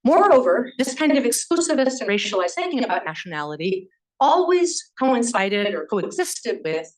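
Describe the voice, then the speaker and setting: A woman history professor giving an academic lecture in a measured, explanatory way, often pausing on "um" and "you know". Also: on the high side, sing-song, low-quality recording.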